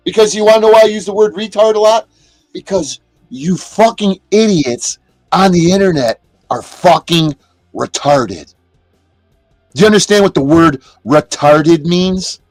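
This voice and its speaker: Angry high-voiced man ranting, very dry sound. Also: animated, unhurried, pauses often, no echo, soft background music. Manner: profane, aggressive, shouts at chatters. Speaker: livestreamer. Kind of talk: angry livestream rant. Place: inside a motorhome.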